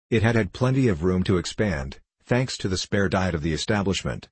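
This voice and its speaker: A man narrates a classic novel in a measured, formal reading. His voice is very low and slightly husky. The sound is dry and close, with no room around it. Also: dry recording. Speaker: audiobook narrator.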